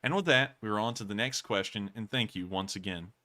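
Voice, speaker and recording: A man's voice: lowish voice, brisk, pushed and bright. A man from Alabama, co-hosting a casual livestream, reading out donations and thanking viewers at length, with a lot of repetition. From Alabama, USA. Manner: thankful, rambling, repeats thanks often. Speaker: livestream co-host.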